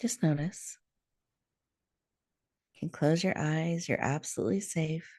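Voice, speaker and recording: A woman hosting a show, leading listeners through a guided breathing meditation in a soft, soothing way over a video call. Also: low voice, no echo, clean studio sound. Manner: soft, slow, soothing guidance. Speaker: host.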